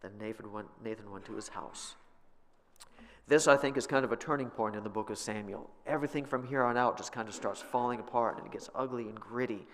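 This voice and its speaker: A man's voice: lowish voice, fairly quick, a bit bright, in a large hall. A man teaching a Bible class, retelling scripture in a casual, conversational way, in a church.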